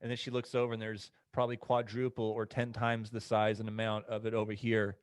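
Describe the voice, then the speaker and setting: A man's voice: lowish voice, monotone, brisk, smooth, dry recording. A man co-hosting a casual podcast chat, telling a story in a laid-back way. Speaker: podcast co-host.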